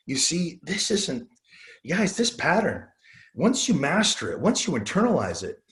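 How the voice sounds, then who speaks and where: A man's voice: fairly high pitch, huge pitch swings, a little slow, fairly bright tone. A man in his forties presenting a motivational sales webinar, earnest and story-driven, with frequent ums and uhs.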